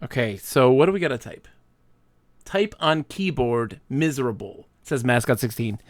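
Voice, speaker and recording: A man's voice: medium pitch, normal speed, dry recording. A man chatting casually and joking while playing a game on a live stream. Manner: jokey, easily laughing, rambling. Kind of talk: casual joking chat during a gameplay stream.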